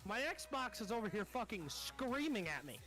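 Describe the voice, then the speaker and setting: A woman's voice: on the high side, sing-song, moderate pace, fairly bright tone, soft background music. A woman playing a tabletop game who talks in a crude, profane, joking way during casual chat. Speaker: player.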